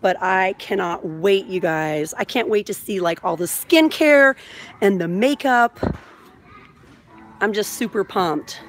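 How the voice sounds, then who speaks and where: This is a woman in her thirties vlogging live from inside a large store, recorded on a phone held on a vlogging mount. She talks in a bubbly, gushing, chatty way and sits at a middle pitch. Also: slow, slight background noise. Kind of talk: live shop-with-me vlog.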